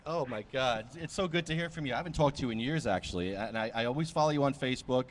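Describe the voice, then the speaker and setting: A man hosting a casual podcast, chatting excitably and scolding his co-hosts in playful banter. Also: fast talker. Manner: excitable, scolding banter with big pitch swings. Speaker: podcast host. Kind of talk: casual chat.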